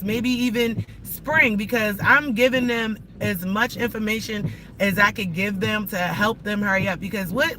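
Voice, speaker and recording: A man with a notably high voice rants combatively to his live-stream viewers, swearing freely as he drives. He talks into a phone inside a moving car, and loud road noise runs under every word. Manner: profane, combative ranting. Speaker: livestreamer. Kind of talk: live-stream rant while driving.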